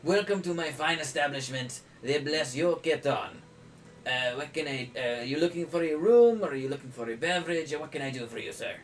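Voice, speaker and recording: A man's voice: a little high, expressive, a little fast, far from the mic, close to an everyday voice. A man voicing a fussy male halfling innkeeper in a put-on mock French accent, polite and hesitant with many ums.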